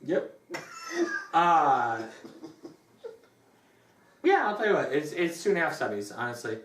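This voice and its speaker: A movie reviewer telling a plot in a crude, rambling, animated way during a casual review. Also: mid-range voice, a little slow. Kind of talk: comedic movie review chat. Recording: roomy room, distant mic.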